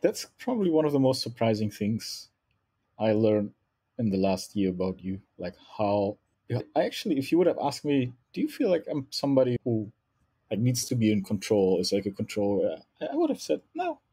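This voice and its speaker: A man's voice: fairly low pitch, wildly swooping pitch, normal speed, mellow, slightly rough, no echo. A man co-hosting a podcast, thinking aloud and reflecting in casual chat.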